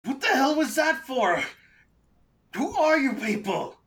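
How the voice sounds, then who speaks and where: A man's voice: extremely high pitch, sing-song, unhurried, fairly bright tone, pitched above the performer's own voice, exaggerated voice. A man voicing a worn-out, wounded captive man who complains in an exasperated way. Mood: angry.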